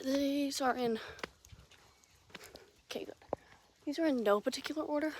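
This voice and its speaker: A young woman hosting her own podcast, telling a story casually, rambling and swearing, with many restarts, swinging between loud and hushed. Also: high-pitched, moderate pace, slight background noise. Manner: lively, jumping from loud to hushed. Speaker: podcast host.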